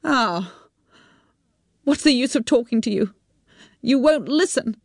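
Upset middle-aged mom, pleading and defensive, slow delivery, dry sound, voiced by a woman. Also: fairly high pitch, lively intonation, no room sound, voice pushed up, heavily acted. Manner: pleading, emotional.

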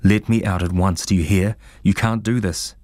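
Skeptical writer read by a male narrator, storybook, defensive and protesting, low voice, dry close sound. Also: fairly even intonation, moderate pace, darkish tone, dry recording, lightly acted. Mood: panicked.

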